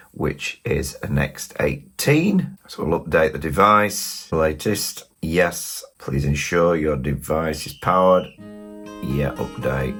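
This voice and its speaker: A middle-aged Yorkshire man talks through a casual hobby review in a deep, husky voice. He rambles along, thinking aloud and throwing questions at his viewers. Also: a bit bright. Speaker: model railway channel host. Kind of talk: casual product review talk.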